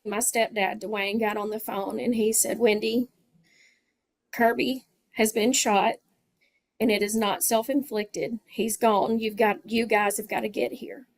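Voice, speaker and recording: A woman's voice: a little high, flat delivery, unhurried. Woman recalling a tragedy. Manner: emotional, recounting a phone call. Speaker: elementary school teacher, victim's sister. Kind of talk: documentary interview.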